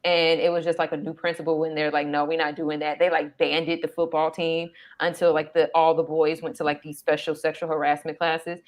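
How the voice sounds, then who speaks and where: A middle-aged woman talking bluntly and emphatically in a relaxed chat. Her voice is notably low for a woman. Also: a little fast, few pauses. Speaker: mother and co-host. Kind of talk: casual chat.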